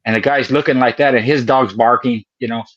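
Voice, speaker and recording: A man's voice: medium pitch, steady tone, fairly quick, fairly bright tone, no echo. Folksy older male co-host, laughing storyteller, very dry close sound, muffled. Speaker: podcast co-host. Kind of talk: casual storytelling chat.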